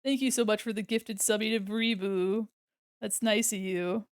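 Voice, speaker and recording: A woman's voice: medium pitch, fairly even intonation, normal speed, no room sound, studio quality. An American woman with a neutral General American accent, chatting casually with viewers while drawing on stream, rambling and laughing often. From United States. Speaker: art streamer.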